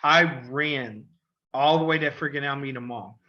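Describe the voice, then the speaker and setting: A middle-aged man co-hosting a podcast, telling a long school story in an animated way and acting out the voices of the people in it. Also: mid-range voice, moderate pace, dull audio. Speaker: podcast co-host, father. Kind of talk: casual storytelling.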